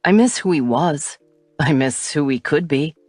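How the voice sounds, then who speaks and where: A woman's voice: sits low, lively intonation, measured pace, darkish tone, no room sound, faint music behind. A woman voicing a playful, teasing young man in an audiobook, speaking in a light manner.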